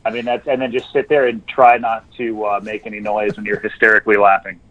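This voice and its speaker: A man's voice: on the low side, little pitch movement, fast, a bit bright, no room sound, muffled recording. A man as a podcast guest, chatting casually with dry, understated humor.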